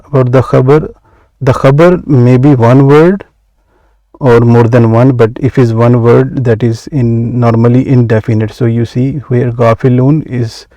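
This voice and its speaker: Slow-paced man teaching Arabic grammar. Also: mid-range voice, warm tone, no room sound. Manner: measured, many "uh" pauses, slow deliberate explanation. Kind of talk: explaining grammar from a workbook.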